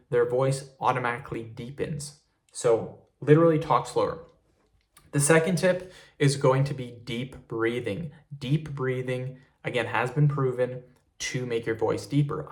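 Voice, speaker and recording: A man giving a casual talking-head tutorial as an online creator, easygoing and repetitive, with plenty of "literally" and "really". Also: mid-range voice.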